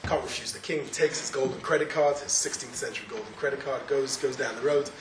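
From far off in an echoey room with audible noise, a Torah teacher delivers a sermon at a quick pace in a medium-pitched voice. He tells a parable, acting out its dialogue and using Hebrew and Yiddish terms.

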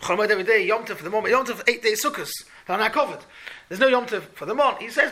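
Man, high voice, bright tone, teaching boys, keeps asking questions. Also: racing. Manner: questioning, animated, repeats points. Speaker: Torah teacher. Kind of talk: Talmud class for boys.

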